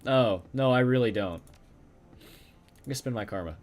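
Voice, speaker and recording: A man playing through a story-driven video game, reading its text aloud at an even pace. Between passages he mutters casual comments to himself in his ordinary speaking voice. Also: mid-range voice, moderate pace. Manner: reads narration steadily, mutters casual comments. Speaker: let's play gamer.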